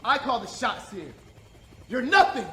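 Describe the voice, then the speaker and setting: Man doing a brutal soldier interrogator, very high voice, lively swings, mocking, roomy echo. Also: measured pace, full character voice. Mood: menacing. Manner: menacing, mocking, erupts into shouting. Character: brutal male American soldier interrogating a prisoner. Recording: roomy echo, faint background hiss.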